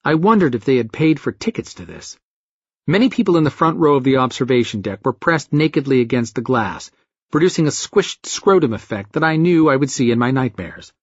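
Husky-voiced man narrating a dark comic story. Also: mid-range voice, expressive, fairly quick, dry recording, muffled recording. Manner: wry, vivid storytelling. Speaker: audiobook narrator. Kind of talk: first-person horror-comedy narration.

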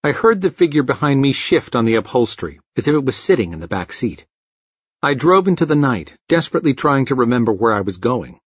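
Man, first-person audiobook narrator, husky voice, lively swinging pitch, profane darkly comic storytelling, dry muffled lo-fi sound. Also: brisk, no room sound. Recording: dry, slightly muffled lo-fi recording.

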